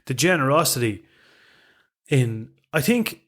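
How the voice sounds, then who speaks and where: An Irish man co-hosting a podcast in plain, blunt casual chat. He swears freely and laughs easily. His voice sits at an ordinary middle pitch. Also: sing-song, measured pace, a bit bright. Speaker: podcast co-host.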